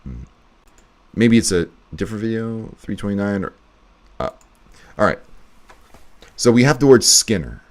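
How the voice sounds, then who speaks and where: A live-streaming video editor chats casually as he works, muttering and thinking aloud. His voice is on the low side with a sing-song lilt, at normal speed, and he pauses often.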